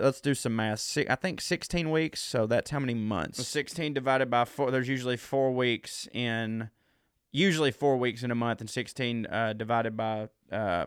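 A man's voice: mid-range voice, clean tone, no room sound, studio quality. A man, hosting his own podcast as a comedian and rambling in a self-mocking way with lots of fillers. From Southern US. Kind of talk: casual solo podcast chat.

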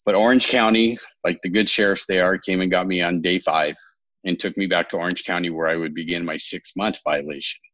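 A man's voice: sits low, steady tone, fairly quick, a bit bright, dry recording, muffled recording. A man in his thirties from California, a podcast guest telling his own story in a candid, rambling way, often correcting himself with a wry humor.

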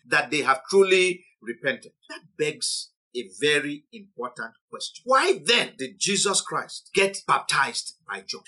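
A man's voice: sits high, sharp tone. A man teaching a sermon, reading scripture passages aloud and explaining them with emphatic delivery. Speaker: preacher.

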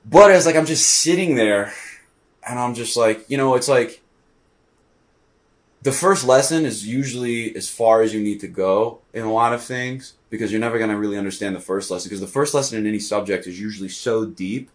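A man talking as a podcast guest in a casual conversation, rambling and animated, with lots of fillers. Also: fairly low pitch, fairly quick.

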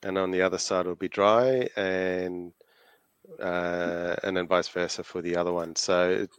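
A man's voice: sits low, flat delivery, unhurried, clean tone, no room sound. A man with an Australian accent co-hosting a casual podcast chat, hesitant and full of fillers, laughing easily. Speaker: podcast co-host.

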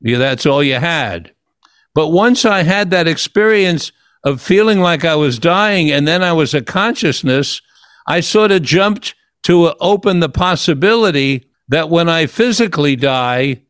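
A man's voice: fairly high pitch, expressive, unhurried, fairly bright tone, clear, resonant tone, no room sound, clean studio sound. An older man hosting an interview and telling a personal story in an earnest, reflective way, often restarting his sentences. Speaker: host.

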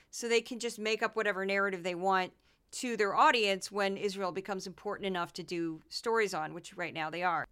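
A woman hosting a podcast, giving animated, sarcastic political commentary. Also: mid-range voice, clear, resonant tone. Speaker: podcast host.

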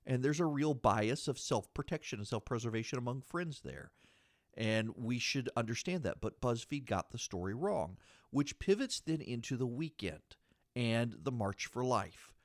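A man's voice: medium pitch, expressive, moderate pace, no room sound, clean studio sound. A man hosting a podcast, giving solo political commentary in an indignant, argumentative way and repeating phrases for emphasis. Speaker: podcast host.

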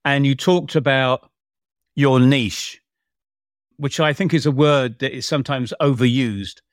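A man hosting a podcast, asking his guest questions in a measured, deliberate way. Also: mid-range voice, no echo. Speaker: podcast host. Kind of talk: scripted interview questions.

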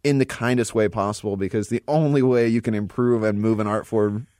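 A man talking as a podcast guest about his work as a mentalist, in an animated, quick way. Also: lowish voice, no echo. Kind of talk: casual conversation.

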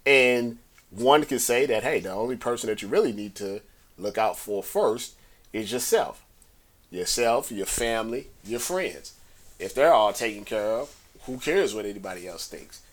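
A man holding forth on his podcast in loose, rambling talk. His pitch sits in the middle for a man. He circles back over his points and lifts his voice when he wants one to land. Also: fairly bright tone. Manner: conversational, talks in circles, rising emphasis on key points. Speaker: podcast host. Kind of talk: casual solo commentary.

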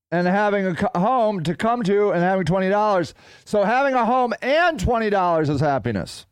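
A man's voice: high-pitched, clear, resonant tone, dry recording. A man hosting a podcast, telling rambling, playful stories in casual solo chat. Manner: animated, rambling, playful storytelling. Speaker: podcast host.

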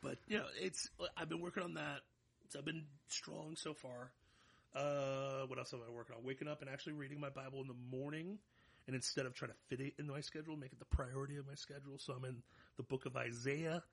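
A man's voice: medium pitch, fast, vocal fry. A man in his thirties co-hosting a podcast, talking casually and animatedly, joking and hyping himself up. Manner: animated, jokey, hypes himself up. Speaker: podcast co-host.

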